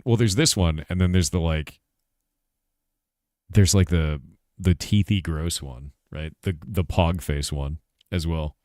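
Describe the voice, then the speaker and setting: Deep-voiced laid-back man chatting on stream. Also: no room sound, clean studio sound. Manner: laid-back, laughs often, says "dude" a lot; reads chat questions aloud and answers them. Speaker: streamer and game developer. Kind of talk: casual live-stream chat.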